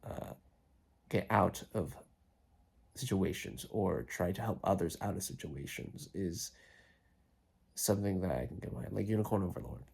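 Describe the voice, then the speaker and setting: A congested, throaty young man rambles reflectively into his phone for a vlog, first lying on his side, then standing. His voice is low, creaky and slightly rough with a darkish tone, and he meanders with lots of fillers.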